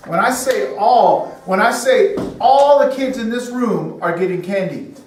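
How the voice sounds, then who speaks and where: High-voiced man preaching to kids, echoey. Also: measured pace, a little mellow, a little hiss or hum. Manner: keeps asking the kids questions, tags lines with "okay?" and "right?". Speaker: children's church teacher. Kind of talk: children's sermon. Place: church room full of children. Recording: echoey room, mic far off.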